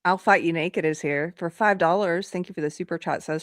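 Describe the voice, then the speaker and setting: A woman's voice: lowish voice, fairly even intonation, fairly quick, no room sound, clean studio sound. A woman hosting a live stream, chatting casually, laughing often and reading viewer messages aloud. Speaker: livestream host.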